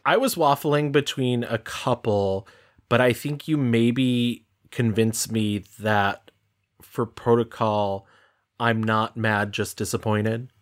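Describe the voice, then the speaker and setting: A man's voice: mid-range voice, slow. A man co-hosting a film review podcast, talking in a dry, analytical way. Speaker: podcast co-host. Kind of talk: casual film review chat.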